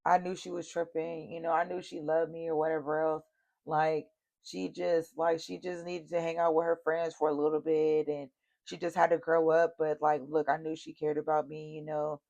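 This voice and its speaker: A woman's voice: low voice, flat delivery, moderate pace, gravelly, a little mellow. A woman voicing a smug young ex-boyfriend who brags that his partner always cared about him. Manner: boastful, casual, self-justifying. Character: smug returning ex-boyfriend, self-assured young man.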